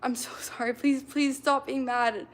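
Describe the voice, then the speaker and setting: A woman's voice: sits high, little pitch movement, a little slow. A woman acting out a flustered young woman begging forgiveness. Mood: pleading apology. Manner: stammering, pleading, repeats apologies. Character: young woman pleading apology to angry friend. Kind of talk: improvised acting game on livestream.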